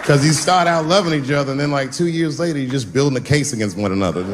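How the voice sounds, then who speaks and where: A man's voice: mid-range voice, fast talker, crowd noise. A man doing stand-up, telling a long story in a profane, conversational way and slipping into mumbled impressions. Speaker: stand-up comedian. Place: live comedy stage. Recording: noisy live stage recording.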